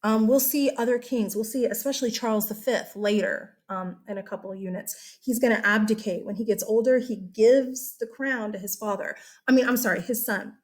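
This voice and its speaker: A woman's voice: on the high side, steady tone, moderate pace, few pauses. A woman history teacher giving a casual, chatty lecture, correcting herself and asking her students questions.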